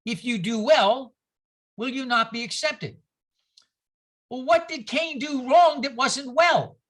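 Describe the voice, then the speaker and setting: Minister, Bible study, bright tense voice, animated, rhetorical questions, talks to the group. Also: high voice, slow. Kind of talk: conversational Bible study talk. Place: church gathering.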